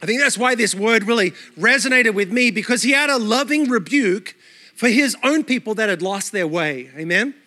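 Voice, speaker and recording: A man from Australia with an accent part Australian, part American, preaching a lively, conversational sermon to his congregation and asking them questions. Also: sits high, normal speed. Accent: Australian with some American. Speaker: pastor. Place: church sanctuary.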